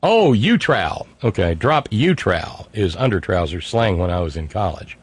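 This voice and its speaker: A man's voice: low voice, big pitch swings, normal speed, breathy edge, no echo. A middle-aged man hosting a call-in radio show, sardonic, reading listener messages aloud in mocking voices. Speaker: radio talk show host.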